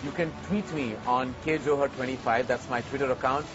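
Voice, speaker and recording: A man's voice: mid-range voice, fairly even intonation, fairly quick, over music. Brief: male film director fronting a TV feature, heartfelt anecdotes, muffled broadcast sound. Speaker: filmmaker hosting a TV segment. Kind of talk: reflective to-camera talk.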